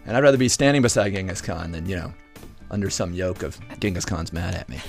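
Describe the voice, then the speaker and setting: A man's voice: low-pitched, expressive, quick pace, vocal fry, faint music behind. A man from Atlanta, a neuroscientist guest on a radio talk show, explaining in a thoughtful way with many ums and restarts. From Atlanta, US South. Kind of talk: radio interview, conversational explaining.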